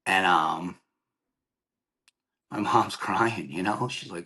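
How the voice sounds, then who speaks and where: A man in his thirties, a podcast guest, telling a painful personal story in a halting, emotional way with many restarts. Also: low voice, pushed and bright, low-quality recording.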